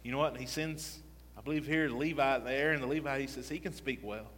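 A man's voice: mid-range voice, brisk, a bit bright. A male pastor preaching a sermon in a conversational style, often repeating "listen" and asking the congregation rhetorical questions. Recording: long reverb of a large hall.

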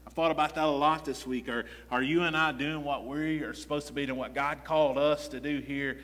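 A male pastor preaches in a conversational style, often repeating "listen" and posing rhetorical questions to the congregation. His voice is fairly high, bright, brisk and steady in tone, with the long reverb of a large hall.

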